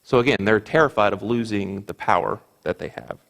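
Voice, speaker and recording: Man, Bible class teacher, gravelly voice, long church reverb, earnest, restarts sentences. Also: lowish voice, a little fast, a bit bright. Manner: earnest, with frequent restarts and quoted scripture.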